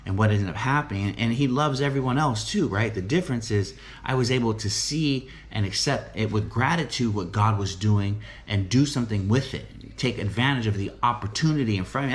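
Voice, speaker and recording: A middle-aged man who directs a recovery home and preaches gives an earnest, emphatic motivational talk on faith and recovery. His mid-range voice moves briskly with hardly any pauses, and he often repeats phrases and asks "right?"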